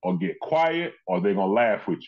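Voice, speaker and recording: A comedian and actor appears as an interview guest, telling stories in a fairly low voice at a moderate pace. He is animated and acts out the people he quotes. The recording has its highs cut off.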